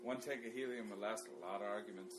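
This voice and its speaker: A man co-hosting a casual podcast chat, joking around and quick to laugh. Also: fairly low pitch. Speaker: podcast co-host. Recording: echoey room with humming noise.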